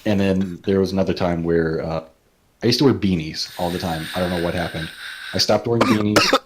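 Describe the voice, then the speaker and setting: A man's voice: low-pitched, a little fast, heavy background noise. A young man from California telling school stories on a casual podcast, laid-back and hesitant with fillers. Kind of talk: casual storytelling chat.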